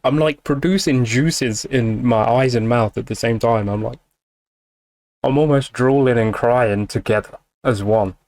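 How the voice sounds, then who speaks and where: Speaking unhurriedly in a medium-pitched, somewhat dark voice, a man hosts a music reaction video. He's casual and emotional, gushing with plenty of swearing and fillers.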